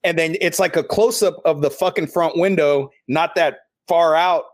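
A man's voice: on the high side, normal speed, dry recording. A man co-hosting a casual podcast, crude and rambling with heavy swearing. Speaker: podcast co-host.

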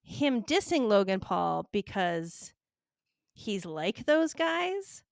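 A woman's voice: medium pitch, big pitch swings, slow pace, vocal fry, no room sound, studio quality. A woman co-hosting a casual podcast chat, wry and teasing in her remarks. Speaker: podcast co-host.

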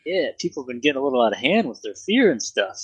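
A man's voice: high-pitched, sing-song, measured pace, creaky, husky, no echo, pitched above the performer's own voice, exaggerated voice. A man voicing a shifty male pub owner in a jokey Canadian-style accent during a tabletop game. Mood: chummy. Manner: chummy, cheeky overcharging banter. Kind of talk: tabletop role-play voice.

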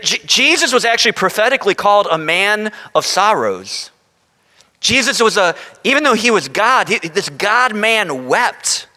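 A man preaching a sermon as pastor, animated, with joking asides to the congregation. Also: sits high. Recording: long reverb of a large hall.

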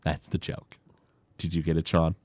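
A man co-hosting a casual podcast, retelling cartoon scenes with lots of fillers and quick impressions. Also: a bass voice, level tone, darkish tone, dry recording. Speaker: podcast co-host. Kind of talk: casual chat recapping a cartoon episode.

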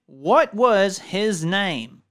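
A man playing a loud, excitable radio game show host in an improvised comedy sketch. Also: high-pitched, extremely slow, exaggerated voice. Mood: hyped. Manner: yelling, hammy announcer delivery.

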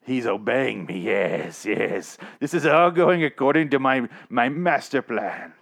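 A man's voice: mid-range voice, lively intonation, unhurried, vocal fry, a bit bright, full character voice. A man voicing an evil, gloating male villain with a sly, self-satisfied mutter during a comic podcast retelling.

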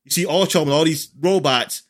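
A man in casual chat, recapping an episode in a rambling way with lots of fillers and lively quoted lines. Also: fairly high pitch, brisk.

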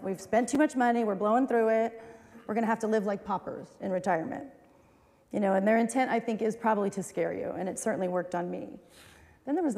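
A woman's voice: mid-range voice, mellow. A woman pastor preaching a sermon, talking in a candid, conversational way with self-deprecating asides. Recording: long reverb of a large hall.

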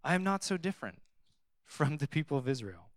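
A young man giving a casual, conversational sermon, reading scripture and adding animated, sarcastic asides. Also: on the high side, brisk, dry recording, studio quality. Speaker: pastor.

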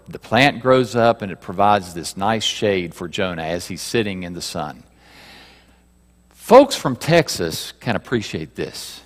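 Male pastor, sermon, slow and expressive, questions the room, reverberant sanctuary. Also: mid-range voice. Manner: rhetorical questions to the congregation, swings between loud emphasis and quiet asides.

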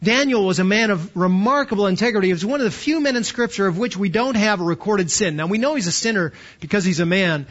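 A man's voice: sits high, fast talker, hardly any pauses, fairly bright tone, muffled recording. A man in his fifties, a pastor preaching a sermon with emphatic stresses and rhetorical questions.

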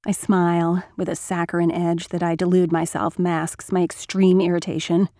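A woman's voice: on the low side, level tone, normal speed, dark tone, no echo, clean studio sound. A woman narrating a first-person story in a wry, intimate way with flashes of anger.

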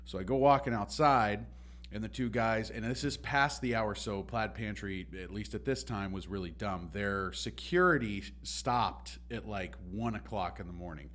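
A man telling a story in a relaxed, animated way, acting out the other people's lines. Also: lowish voice, moderate pace. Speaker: podcast guest. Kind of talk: casual storytelling.

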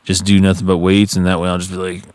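A man's voice: low-pitched, completely flat delivery, fast, darkish tone, no room sound. A young man co-hosting a podcast who jokes, laughs a lot and tells family stories. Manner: jokey, laughs a lot, does voices of relatives. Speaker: podcast co-host. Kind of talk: casual chat.

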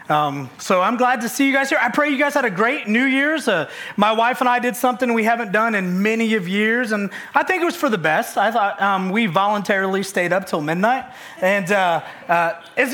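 A male pastor preaching a sermon to a church service, energetic and conversational, with many fillers and restarts. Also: high-pitched.

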